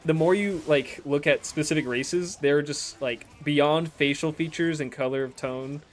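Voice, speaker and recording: A young American man with an unhurried, somewhat high voice streams a game and reads viewer messages aloud. He rambles casually, laughs often, and swears freely.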